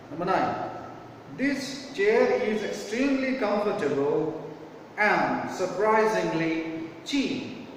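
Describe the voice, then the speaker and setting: Male teacher, high-pitched, slow, spells words out; distant echoey classroom-style recording. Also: slight background noise. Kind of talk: homework correction lesson. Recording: echoey room from far off.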